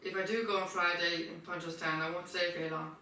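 A woman chats on and on in a casual home video, circling back to the same points again and again. Her voice is bright and a little rough from a frog in her throat. She sits back from the camera in a kitchen that rings with echo, a faint hum behind her. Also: fairly low pitch, little pitch movement, fast talker. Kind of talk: rambling casual monologue. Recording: echoey kitchen, distant mic.

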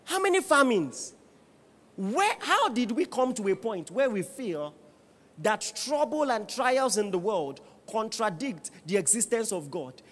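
A man preaching a sermon as pastor, firing rhetorical questions at the congregation and building to shouts. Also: high voice, measured pace. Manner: animated preaching with rising shouts and bursts of laughter.

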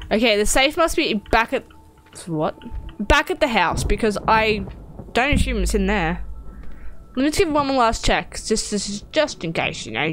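A woman's voice: on the high side, slight background noise. A woman giving horror game let's-play commentary, talking to herself in a jumpy way and swearing often. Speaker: gaming streamer.

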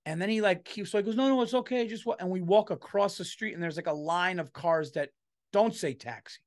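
A man hosting a podcast, telling stories in a loud, animated casual chat. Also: high-pitched, fairly quick. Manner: loud, animated storytelling with frequent "dude". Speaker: podcast host. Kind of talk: casual comedic storytelling.

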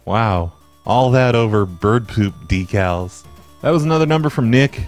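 A man hosting a prank-call show, talking in a relaxed, chatty way between calls. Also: on the low side, moderate pace, soft background music. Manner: relaxed, chatty, rambling asides. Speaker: host and prank caller. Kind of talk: casual podcast narration.

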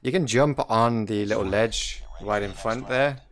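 This mobile gaming YouTuber has a fairly low, fairly bright voice and takes his time speaking. The young man offers laid-back, joking commentary on his mobile shooter play, chatty and quick to laugh at allies and enemies alike, while music plays softly behind.

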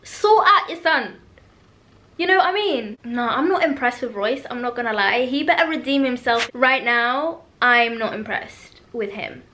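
Excitable woman in her twenties, high bright voice, gushing book-vlog chat. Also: normal speed, hardly any pauses. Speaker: book vlogger. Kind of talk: casual reading vlog chat.

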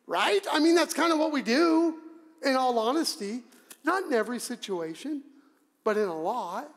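A male pastor with an extremely high, sing-song voice delivers a conversational sermon at normal speed, his dramatic preaching punctuated by sudden loud emphasis. He's in a church sanctuary, and the recording carries a long church reverb.

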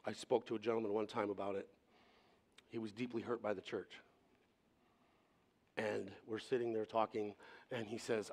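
A man's voice: lowish voice, level tone, normal speed, long pauses. A male pastor giving a sermon in a conversational manner, acting out quoted voices as he speaks.

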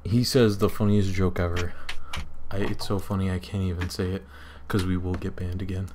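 A man's voice: deep voice, flat delivery, moderate pace, a little mellow, a little hiss or hum. A young man telling a story in casual chat, rambling, swearing and laughing as he goes. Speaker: podcast co-host.

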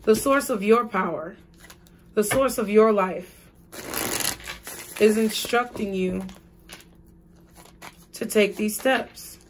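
A woman tarot reader giving a collective reading, speaking in slow, repetitive spiritual phrases. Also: mid-range voice, noisy background.

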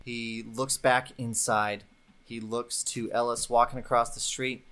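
A man running a Western tabletop game as game master, narrating the action with excited asides and swearing. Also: mid-range voice, a little slow, clear, resonant tone.

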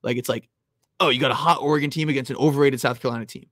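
A young man hosting a live stream about sports bets, talking casually and loudly at times, rambling with lots of "like"s and restarts close to his mic. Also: medium pitch, very fast, no echo. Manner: rambling, filler-heavy, restarts with "like"; animated, loud at times. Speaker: sports betting host.

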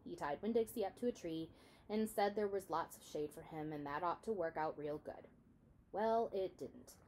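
A woman reading a children's novel aloud in an expressive storytelling manner. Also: on the low side, moderate pace, slight background noise. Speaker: reader.

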